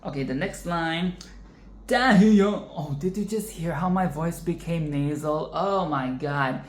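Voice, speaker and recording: A woman's voice: low voice, measured pace. A woman hosting a casual singing lesson, chatty and self-interrupting, who often breaks into sung and exaggerated vocal demonstrations. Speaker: singing tutorial host. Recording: echoey room.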